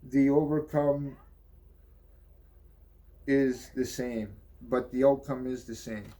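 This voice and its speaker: Man, slow unhurried delivery, mid-pitched, casual comic reading, offhand asides. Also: steady tone, dark tone. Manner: slow, offhand, swears and ad-libs. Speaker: comic book narrator.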